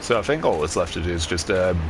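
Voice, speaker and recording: This male gamer narrates his play quickly, in a casual, meandering style peppered with ums and light cursing. His voice is on the lower side, and steady background noise runs throughout.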